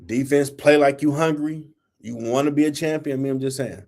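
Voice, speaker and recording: A man hosts a sports talk show, launching into a blunt, heated, colloquial rant that scolds teams and players. His voice is medium-pitched, steady, fairly quick and a little mellow.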